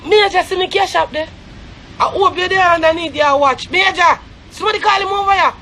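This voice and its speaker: A Jamaican man on a live stream, ranting angrily with shouting and heavy swearing. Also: very high voice, a little fast, a little hiss or hum. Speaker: social media live streamer. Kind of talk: angry live-stream rant.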